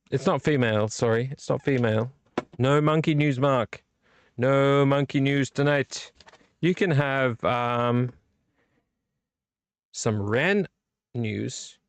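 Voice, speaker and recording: A man hosts a late-night live stream, a bit tipsy from drinking, rambling on and teasing a viewer by name. His voice is medium in pitch and the recording is dry.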